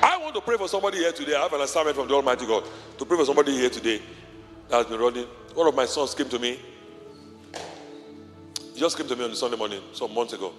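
A man's voice: mid-range voice, lively intonation, racing, pauses often. A male pastor preaching a sermon in a large church auditorium, with impassioned delivery and short repeated phrases. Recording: long hall reverb with faint music.

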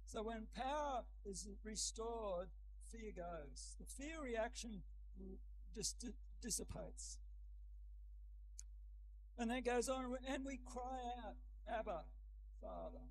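An older man delivers a church sermon, his voice set high for a man and taking a slow, unhurried pace. He speaks gently, then lifts into an emphatic reading. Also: noisy background. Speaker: preacher.

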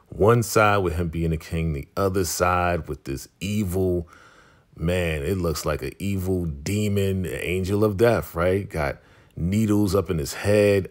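A man casually recapping a TV episode, quoting the characters in loose street slang. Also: sits low. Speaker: recap host.

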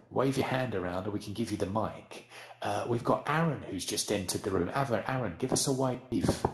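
A man's voice: medium pitch, echoey room. A man with a British accent teaching a casual, rambling English lesson in a virtual room. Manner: chatty, rambling, self-deprecating.

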